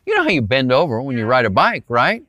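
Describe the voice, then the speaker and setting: A man's voice: medium pitch, fast. A male pastor giving a conversational sermon, telling a personal story and turning often to his listeners with "right?". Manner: animated, talks straight to listeners with frequent rhetorical "right?".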